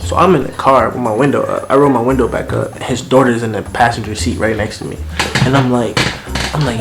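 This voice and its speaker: A man's voice: mid-range voice, fairly even intonation, fairly quick, vocal fry. A young man casually telling a personal story at home for a vlog, slangy and profane. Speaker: vlogger. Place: at home indoors. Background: music playing.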